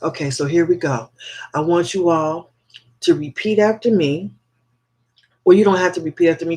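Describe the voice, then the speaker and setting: A man hosting a spiritual livestream who leads viewers through slow, repetitive affirmations and greets them affectionately. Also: on the high side, darkish tone, husky. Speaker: livestream host.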